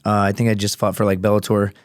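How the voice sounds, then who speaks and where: On the low side and level in tone, this ex-Marine and fighter's voice moves at a quick pace as he tells a rambling, profanity-laced story full of fillers on a podcast. It is a dry, studio-quality recording.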